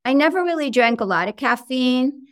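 A woman in middle age, a guest in an interview, talking in a chatty, animated way with lots of fillers and acted-out quotes of her own thoughts. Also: high voice, moderate pace. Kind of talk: conversational interview.

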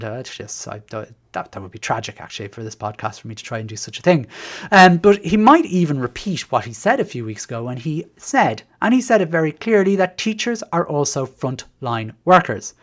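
An Irish man, a teacher hosting a podcast, talking in a rambling, sardonic monologue full of restarts. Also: mid-range voice. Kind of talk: casual monologue.

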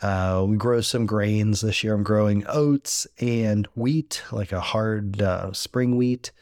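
A man's voice: lowish voice, slow, a little mellow, dry recording, studio quality. A man hosting a cooking podcast, chatting casually in a rambling, self-deprecating, joking way. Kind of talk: casual chat. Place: rural homestead.

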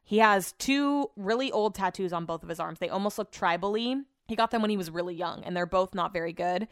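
A young woman talks alone into a close mic for her podcast, candid and chatty, with a few curse words dropped in. Her voice is smooth and clear, and the sound is dry with no room echo. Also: mid-range voice, brisk. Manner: chatty, candid storytelling with mild swearing. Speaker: podcast host. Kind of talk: casual solo podcast chat.

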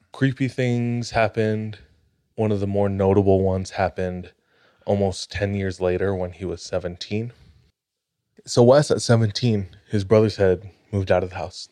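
A man hosting a podcast, telling a spooky story in a measured, dramatic way. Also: low voice, a little mellow, dry recording, clean studio sound. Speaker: podcast host.

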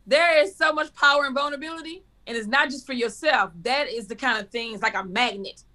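A woman in her forties with a high and bright, forceful voice, chatting as a guest in a casual interview. She talks with energy and leaps higher whenever she quotes someone. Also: fairly quick, few pauses. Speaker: guest, teacher and speaker.

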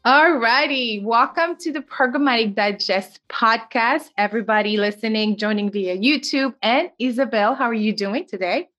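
A woman's voice: on the high side, moderate pace, few pauses, a bit bright, lo-fi sound, soft background music. A woman hosting a podcast, upbeat and bubbly, who laughs often while she chats with her guest. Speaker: podcast host. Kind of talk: podcast interview.

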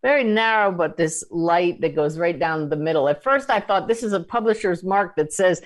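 Woman radio host, lowish voice, jumps in w quick yeahs and wows. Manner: brief affirming interjections. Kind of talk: interview.

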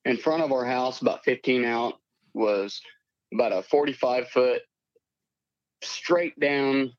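A man's voice: medium pitch, slow pace, no echo. Caller, man, late 20s, plainspoken and rambling; dull, dry lo-fi audio. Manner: rambling, plainspoken storytelling with profanity. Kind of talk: telling a personal encounter story.

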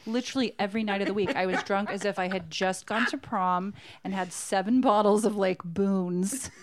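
A woman's voice: mid-range voice, normal speed, background noise. A woman talking as a podcast guest in casual chat, brash and comic and fond of exaggeration. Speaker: podcast guest, former server.

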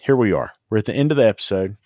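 Agreeable, deeper-voiced male podcast host. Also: expressive, very fast, darkish tone, no room sound, studio quality. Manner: agreeable, chimes in with short affirmations. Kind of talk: casual podcast conversation.

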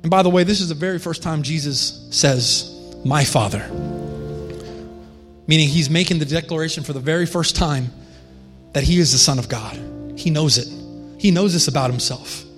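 A man's voice: on the high side, moderate pace, long pauses, music in the background. A man preaching a sermon as a pastor, in a conversational manner with frequent restarts and asides.

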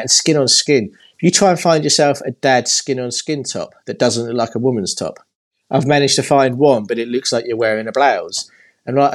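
A young man co-hosting a casual podcast chat as an expectant father, rambling and laughing at himself. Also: medium pitch.

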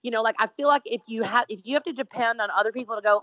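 A woman's voice: on the high side, racing, pushed and bright, dry recording. A brash woman artist talks in a loose interview, swearing freely and hammering her points home. Her voice has a dull, lo-fi quality in a dry, close space. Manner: profane, brash, emphatic. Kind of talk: casual conversational interview.

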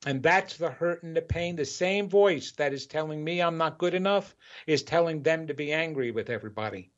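A man's voice: a little high, normal speed. A man hosting a spiritual talk show, speaking earnestly and repeating phrases to build emphasis in a motivational address. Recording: dull lo-fi recording.

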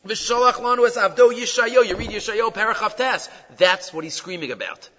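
A man's voice: high-pitched, brisk, sharp tone. A man teaching a Torah class as a rabbi, speaking emphatically and reading out quoted Hebrew texts. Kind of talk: Torah lecture. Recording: dull lo-fi recording in an echoey hall.

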